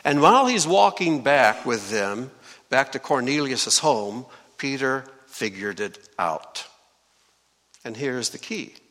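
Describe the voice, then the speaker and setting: A man's voice: mid-range voice, takes it slowly. A man preaching a sermon, teaching from scripture and asking his listeners questions as he goes. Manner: lively, asks the congregation questions. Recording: long hall reverb.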